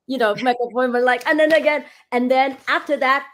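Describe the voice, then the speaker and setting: A woman's voice: on the high side, brisk. A middle-aged woman, a real estate agent, animatedly telling a story in an interview and acting out the dialogue. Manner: animated, acts out dialogue, laughs while telling.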